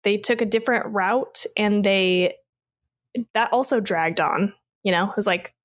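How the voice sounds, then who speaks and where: A woman's voice: mid-range voice, unhurried. Candid, rambling woman podcast co-host. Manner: candid, reactive, rambling with fillers and exclamations. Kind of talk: casual chat.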